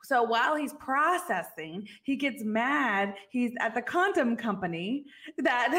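A woman's voice: a little high, big pitch swings, slow, a bit bright. A woman co-hosting a podcast, chatting casually, laughing often and acting out the characters' lines. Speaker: podcast co-host. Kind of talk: casual recap chat.

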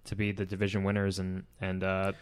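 A young man co-hosting a comedy podcast, rambling through sports talk with lots of halting restarts. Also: low-pitched, monotone, smooth. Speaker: podcast co-host. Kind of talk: casual comedy podcast chat.

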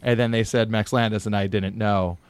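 A man's voice: fairly low pitch, steady tone, brisk, smooth, no room sound. A man hosting a podcast, chatting casually and teasing his guest.

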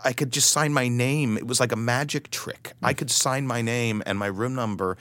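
A middle-aged man, a guest in an interview, telling stories in an animated, self-deprecating way with frequent restarts. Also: mid-range voice, normal speed. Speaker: guest, author. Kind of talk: storytelling interview.

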